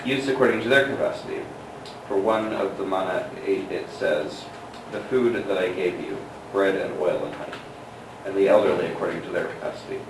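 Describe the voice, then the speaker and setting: A male student reading a text aloud in class, slow and careful with hesitations. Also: low-pitched, steady tone. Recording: distant voice in an echoey room with noise.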